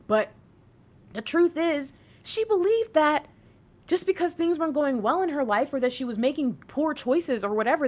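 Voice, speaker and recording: A woman giving a casual spiritual card reading, chatty and encouraging, often laughing as she talks. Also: high-pitched. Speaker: intuitive reader.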